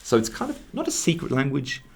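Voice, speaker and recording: A man's voice: fairly high pitch, fairly quick, gravelly, slight background noise. A man with a London accent, a guest in a casual conversation, telling stories and acting out the voices of the people he quotes. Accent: London English. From England. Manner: lively storyteller who acts out quoted voices. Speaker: interview guest.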